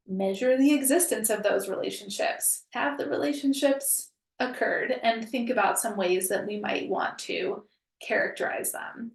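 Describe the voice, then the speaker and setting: A woman's voice: fairly high pitch, reverberant, far from the mic. A woman presenting a professional webinar in a conversational way, with frequent ums and hedges.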